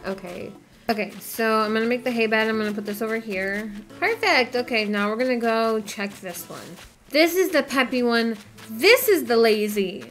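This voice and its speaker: A woman's voice: on the high side, normal speed. A woman giving casual gameplay commentary, chattering in a scatterbrained, self-deprecating way. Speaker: gaming YouTuber.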